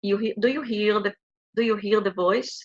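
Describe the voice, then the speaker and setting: A woman coaching listeners through a guided tapping exercise in a slow, soothing, repetitive way. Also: medium pitch, steady tone, muffled recording.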